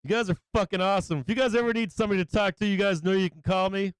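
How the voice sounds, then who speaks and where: Hyped-up guy doing stream shoutouts, kinda high voice, swears a lot, gets teary, super dry close mic. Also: racing, clean tone, no room sound. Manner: excited, swearing, greeting viewers by name. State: emotional, close to tears. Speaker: livestream host. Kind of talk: casual live-stream shout-outs.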